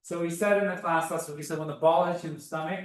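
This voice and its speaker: A fast-talking man with a fairly high pitch and steady tone gives online class instruction in Hebrew reading over a video call, patiently sounding out syllables one after another.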